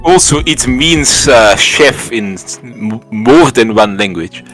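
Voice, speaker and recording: A man's voice: medium pitch, expressive, slow pace, a bit bright, soft background music. Laid-back joking man on stream. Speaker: live stream co-host. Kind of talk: casual stream chat.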